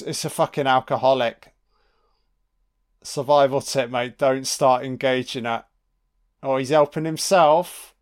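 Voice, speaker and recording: A man's voice: medium pitch, clean tone. A man giving casual, sweary commentary on a film, talking back to the characters on screen. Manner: sweary, mocking asides to the screen.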